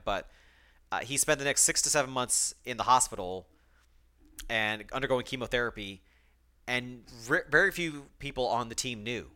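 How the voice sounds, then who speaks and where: A man's voice: mid-range voice, sharp tone, clear, resonant tone. A young man hosting a solo podcast, talking emotionally with many fillers and restarts, choked up at times. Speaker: podcast host.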